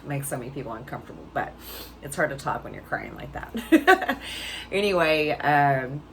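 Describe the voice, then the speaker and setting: A woman's voice: very deep voice, big pitch swings, moderate pace, a bit bright, slight background noise, low-quality recording. A middle-aged woman vlogger telling a personal story in a chatty way, often laughing and checking in with "right?".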